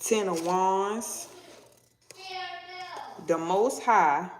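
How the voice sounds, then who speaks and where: Female tarot reader, animated and playful, echoey room. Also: drawn-out words, a little hiss or hum. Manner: animated, bursts into high mock voices and laughter. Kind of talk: casual tarot reading.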